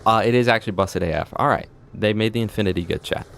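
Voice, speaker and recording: A man's voice: on the low side, fast, gravelly, a bit bright, clean tone. A young man streaming a video game live, chatting and joking with his viewers in a rambling way. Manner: joking, rambling, breaks into silly voices. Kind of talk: live gameplay chat.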